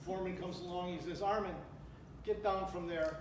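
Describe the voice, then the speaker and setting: A man's voice: high-pitched, steady tone, fairly quick, recorded from a distance, background noise. An older man doing stand-up at a club event, telling jokes, laughing at his own punchlines and bantering with the audience. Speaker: stand-up comedian. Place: club function room with a live audience. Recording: echoey room recorded from afar, crowd laughter.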